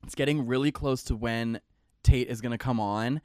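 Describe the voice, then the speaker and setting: A young man in his twenties hosting a podcast and telling a story in a loose, chatty way, dropping "like" constantly and tossing in playful slang. His voice sits at a middle pitch and sounds smooth and resonant. The sound is close and dry. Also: steady tone, normal speed, darkish tone, no echo. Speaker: podcast host. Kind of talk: casual storytelling monologue.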